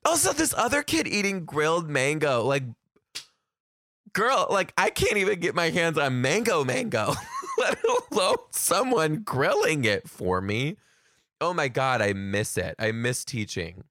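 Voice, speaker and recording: A young man rants through a casual monologue, his voice swinging widely in pitch as he exclaims and laughs between lines. He sounds like a teacher telling stories to viewers. The recording is close and dry, with no room sound around him. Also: measured pace, no echo. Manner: animated, exclamatory, ranting; laughs often while talking.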